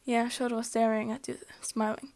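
A woman's voice: on the high side, level tone, fairly quick, darkish tone. Young woman casually reading a fanfic aloud. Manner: casual, amateur reading with slips and restarts. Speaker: fanfic reader.

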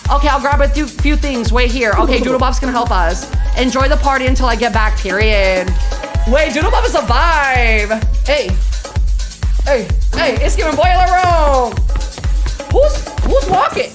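A young woman streaming a game live, chatting to her viewers with loud, slangy, profane outbursts over game music. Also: sits high, moderate pace.

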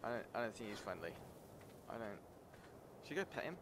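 Young man, let's-play commentary, lively bouncing pitch, jumpy and excitable, loud game noise and insects behind. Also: brisk. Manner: excitable, jumpy, talks to himself, breaks into high panicked yelps. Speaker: gameplay streamer.

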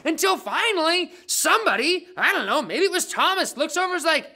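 A woman's voice: very high voice, very animated, fairly quick, hardly any pauses, sharp tone, raised voice. A woman telling a Bible story to children in a playful, dramatic way, full of slang and jokes. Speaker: children's ministry leader. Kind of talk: animated Bible storytelling for kids.

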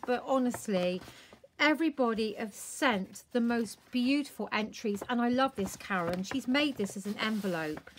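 A woman's voice: fairly high pitch, moderate pace. A woman vlogger chatting casually to camera about a craft parcel, gushing and exclaiming with delight.

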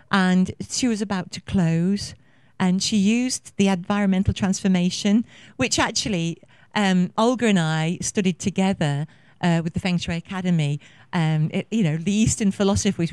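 A woman's voice: mid-range voice, darkish tone, smooth, no echo. A woman in her fifties giving a conference talk, effusive and passionate, rambling with many fillers. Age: 50s. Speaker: conference speaker. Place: conference venue.

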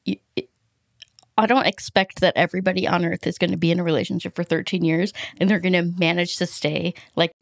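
A woman's voice: lowish voice, fairly even intonation, fairly quick, creaky, no echo, clean studio sound. A woman guesting on a podcast, chatting casually, self-deprecating and laughing often.

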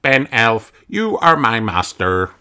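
A man voicing an obedient male toy robot that speaks in flat, repetitive commands, for a storybook read-aloud. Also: medium pitch, slow pace, over loud music. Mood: robotic. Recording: loud background noise.

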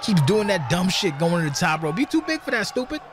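A man's voice: sits high, big pitch swings, brisk, a crowd in the background, background noise. A man doing brash color commentary for a video game wrestling show from a commentary booth, hurling profane insults at the wrestlers and laughing at their mistakes.

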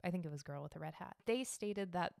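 A woman hosts a casual podcast from home, rambling along in a chatty, offhand way and swearing freely. Her voice sits a little low for a woman, and the sound is close and dry, with little room around it. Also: animated, fast, vocal fry, a little mellow, no echo. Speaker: podcast host. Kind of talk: casual solo podcast chat.

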